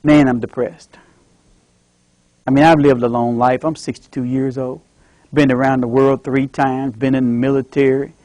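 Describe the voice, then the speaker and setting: A man voicing the inner thoughts of a depressed sixty-two-year-old father after a stroke, low and subdued in a meeting-room speech. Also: level tone, darkish tone, dry recording, close to an everyday voice, rough recording. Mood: despairing. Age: 60s. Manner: low, slow, despairing inner monologue. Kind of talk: acted monologue in a club speech.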